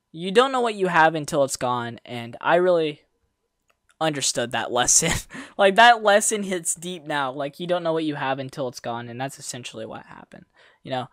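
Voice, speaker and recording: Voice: mid-range voice, no echo, studio quality. A young adult vlogger telling a school story in a rambling, slangy way, with self-corrections and sarcastic asides. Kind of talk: casual storytime monologue.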